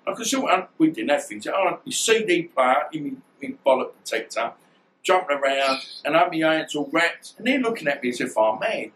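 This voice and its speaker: A man's voice: on the high side, very animated, brisk, a bit bright, a little hiss or hum, rough recording. A middle-aged man, a former boxer, telling stories in a casual interview and often restarting his sentences. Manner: rambling, restarts often, swears.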